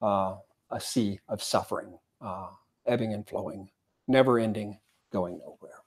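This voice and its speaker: Halting man giving a dharma talk. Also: on the low side, slightly rough. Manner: halting, many "uh" fillers, reads quotations aloud. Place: zen center meditation hall.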